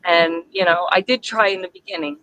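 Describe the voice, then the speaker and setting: A woman guests on a live-stream chat with a bright, clear tone. She talks haltingly and softly, often breaking off to restart a sentence. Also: fairly low pitch, steady tone, low-quality recording. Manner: halting, soft-spoken, with many restarts.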